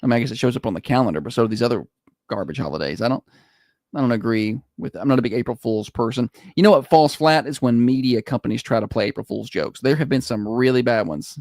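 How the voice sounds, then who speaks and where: A man's voice: medium pitch, fast talker, darkish tone, no echo, studio quality. A man with a Southern American accent co-hosting a morning radio show, chatty and opinionated, rambling with restarts as he banters and reads local ads. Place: radio studio. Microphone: studio microphone.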